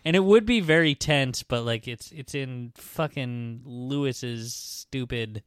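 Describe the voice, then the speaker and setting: Smooth-voiced man rambling through a recap. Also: mid-range voice, no echo, clean studio sound. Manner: rambling, profane retelling with quick put-on character voices. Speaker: podcast host. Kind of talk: casual book-recap chat.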